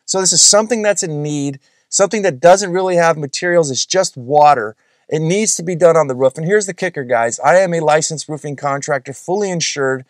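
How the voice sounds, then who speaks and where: A man's voice: on the high side, a little fast, no room sound, studio quality. A man hosting a solo podcast, talking casually and frankly, rambling with restarts and the odd swear word. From California. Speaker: podcast host.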